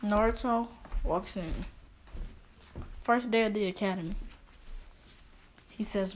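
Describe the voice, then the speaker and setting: A woman's voice: mid-range voice, fairly even intonation, a little slow, pauses often, slight background noise. Rambling woman telling a fan story. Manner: rambling with fillers and restarts. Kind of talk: improvised fan story narration.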